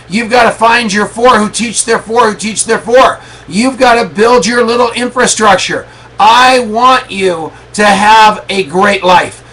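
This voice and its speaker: Middle-aged guy giving a pep talk, high bright voice, hammering every point home. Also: measured pace, rough recording. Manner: emphatic, preachy, repeats lines for effect. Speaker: network marketing leader hosting a motivational call.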